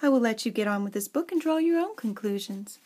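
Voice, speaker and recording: A woman's voice: fairly high pitch, lively intonation, fairly quick, darkish tone. A young adult woman casually showing her craft journal and reading its fairy story aloud with dramatic flair. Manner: reads story passages with dramatic flair, chatty asides.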